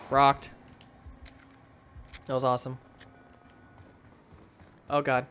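A young man hosting gameplay commentary, swinging between loud outbursts and low muttering while he plays. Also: slow pace, long pauses, a little hiss or hum. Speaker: gaming channel host.

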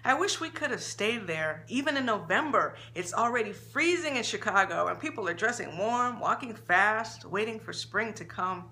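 A woman author reading her own short story aloud, expressive and slowing down for emphasis. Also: mid-range voice.

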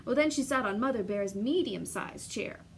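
A woman reading a children's story aloud in a slow, sing-song, expressive way, doing the voices. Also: fairly high pitch, gravelly, a little hiss or hum. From Canada.

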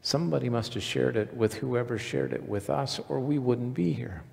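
A male pastor delivers a conversational sermon in a church sanctuary, quizzing the congregation as he goes. His mid-range voice is darkish with vocal fry, lively in intonation and moderate in pace. The church hall adds heavy reverb.

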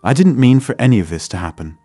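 A man's voice: mid-range voice, sing-song, quick pace, dark tone, no room sound, soft background music, pitched above the performer's own voice. A man reading the part of a guilty teenage girl who pleads in a small voice. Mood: pleading.

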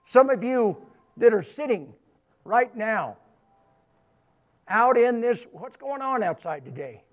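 Man preacher, high pitch, emphatic sermon delivery with repeated phrases. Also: animated, slow pace, dull audio. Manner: emphatic, repetitive preaching with rising bursts. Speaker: pastor. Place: church sanctuary.

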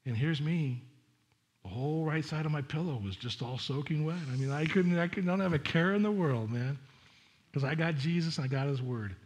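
A middle-aged man, a pastor preaching a sermon in a chatty, animated way with asides to the congregation. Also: fairly high pitch, a little fast.

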